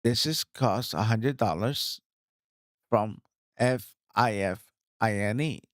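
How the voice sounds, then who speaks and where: Man, casual vlog, slow unhurried delivery, dry close studio mic, excited and repetitive. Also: lowish voice, no room sound. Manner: excited, repetitive, talks straight to viewers. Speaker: streamer reviewing his gear. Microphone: studio microphone, swapped between two.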